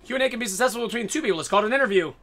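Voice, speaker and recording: A man's voice: very high-pitched, animated, very fast, a bit bright. A man streaming a video game live, chatting casually and playfully with a running, jokey commentary.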